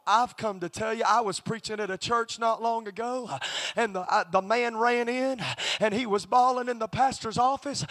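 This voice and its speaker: A male preacher telling a story in a youth convention sermon, building from a steady tale to shouted preaching. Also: extremely high pitch, moderate pace.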